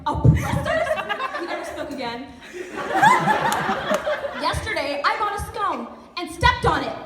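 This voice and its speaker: A woman's voice: high voice, very animated, measured pace, very noisy. A nineteen-year-old woman performing a stand-up routine on a theatre stage, with dry, ironic mock outrage. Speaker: stand-up comedian. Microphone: camera in the audience. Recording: echoey theatre, loud audience laughter.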